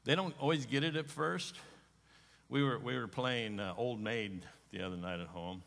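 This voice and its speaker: Folksy middle-aged male preacher, bright voice. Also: mid-range voice, moderate pace, gravelly. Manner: folksy, repeats words as he talks. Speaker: pastor. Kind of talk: sermon with personal storytelling. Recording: long hall reverb.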